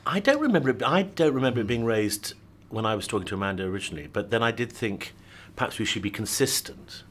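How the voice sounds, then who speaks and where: A man interviewed as an actor, speaking in a thoughtful, measured way and often turning to his co-star with a question. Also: medium pitch, animated, a bit bright, slight background noise. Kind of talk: casual interview chat.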